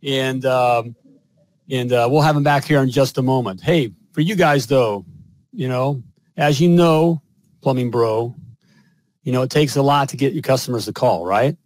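A man's voice: mid-range voice, normal speed, a little mellow, no room sound. Emphatic male host, dry close sound. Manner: emphatic, repeats "all right?" and "you know". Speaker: podcast host and business coach. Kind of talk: host conversation and spoken sponsor pitch.

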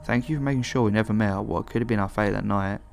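Male horror narrator, lower pitch, even measured read. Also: gravelly, a little hiss or hum. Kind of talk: scripted horror story narration.

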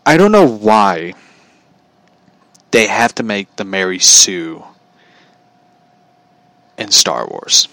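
A man's voice: fairly low pitch, sing-song, slow, long pauses, bright, forceful tone, dry recording. A man telling a story in a casual, opinionated rant, swearing freely and laughing at his own anecdote.

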